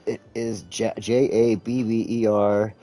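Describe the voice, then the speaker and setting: Male live streamer, casual and profane, lowish voice, mellow tone, faint music playing behind. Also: little pitch movement, measured pace. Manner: rambling, profane, talks to chat while clicking around. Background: faint background music.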